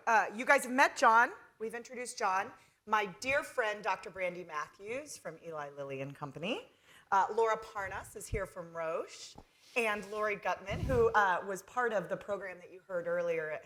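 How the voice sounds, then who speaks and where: Woman, middle-aged, panel moderator, bright clear voice, chatty storyteller. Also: mid-range voice. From North Carolina. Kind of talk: conference stage talk.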